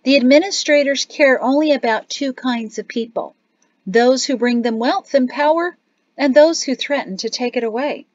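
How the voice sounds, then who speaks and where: A calm mother laying out facts plainly and soberly, voiced by a woman reading the book. The audio is dry and a touch muffled, with no room echo. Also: high voice, normal speed, pitched above the performer's own voice. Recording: dry, slightly dull studio audio.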